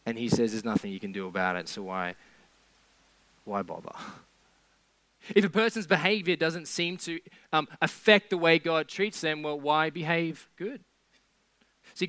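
A man's voice: fairly high pitch, a bit bright, dry recording. A man preaching a sermon in a conversational way, with sarcastic asides.

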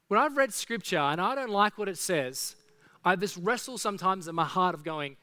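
A man preaching a sermon in an earnest style, often dropping soft and low for his appeals. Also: animated, brisk. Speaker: pastor.

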